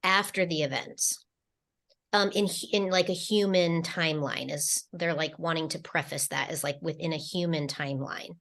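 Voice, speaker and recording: A woman's voice: low voice, fairly bright tone. A woman co-hosting a spiritual podcast, relaying channeled messages in a casual, meandering way with lots of fillers and restarts. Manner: slow, meandering delivery with many fillers and restarts.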